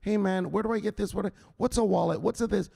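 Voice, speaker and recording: A man's voice: sits high, fast, gravelly, dark tone, pitched above the performer's own voice, exaggerated voice. A man voicing an eager male acquaintance who begs for crypto tips in a raised, wheedling voice.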